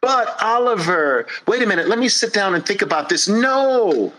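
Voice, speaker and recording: Brief: a man mocking a soft, easily offended whiner, pitched up and bright. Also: expressive, fairly quick, rough recording. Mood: pleading. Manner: whining, pleading, high-pitched complaining. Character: whiny soft adult pleading, easily offended. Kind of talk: mocking impression in a monologue.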